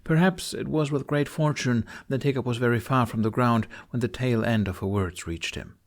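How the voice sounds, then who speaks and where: A man narrating a fan audiobook chapter in a measured storytelling manner. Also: medium pitch.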